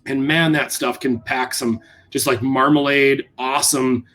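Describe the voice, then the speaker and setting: A man's voice: mid-range voice, fairly even intonation, measured pace, a bit bright. A man, a brewery guest, chatting enthusiastically and a bit rambling about hops and flavors. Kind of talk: casual chat.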